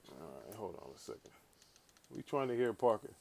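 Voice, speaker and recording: A man hosting a casual livestream, talking in an animated way, swearing and calling out viewers in the chat. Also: fairly low pitch, a little fast, vocal fry. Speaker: livestream host.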